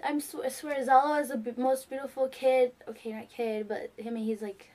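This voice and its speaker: A teenage girl excitedly telling a rambling fan story, full of fillers. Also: high voice, normal speed. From New York. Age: teens. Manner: gushing, rambling, many fillers. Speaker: fan vlogger.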